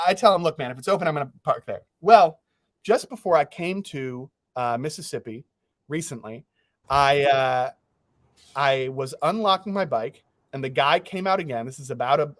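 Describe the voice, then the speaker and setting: Animated storytelling man, dry close sound. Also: fairly high pitch, normal speed, dry recording. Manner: animated, laughs through his stories, swears freely. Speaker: podcast host. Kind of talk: casual storytelling chat.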